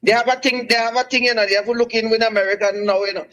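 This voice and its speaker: Caller on the phone, high voice, rambles and restarts a lot. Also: male voice, steady tone, fairly bright tone, rough recording. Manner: rambling, halting, many restarts. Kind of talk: call-in radio talk.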